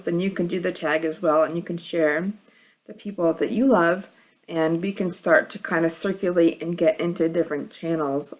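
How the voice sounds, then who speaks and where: A woman with a New York accent talks casually to her viewers in a low, hard-edged voice. She rambles, pausing on fillers and restarting her sentences as she goes. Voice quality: hard, edgy voice. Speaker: vlogger. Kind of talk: casual chat.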